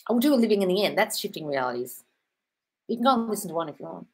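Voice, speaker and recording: A woman's voice: medium pitch, sing-song, very fast, darkish tone. A woman answering chat questions on a casual live stream, blunt and sweary, calling viewers darling.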